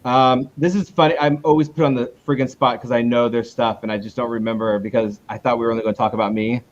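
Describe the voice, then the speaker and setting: Rambling man on a muffled call. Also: steady tone. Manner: rambling, self-interrupting, with quick pitch jumps when retelling. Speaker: comic book creator, guest. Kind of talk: casual interview chat.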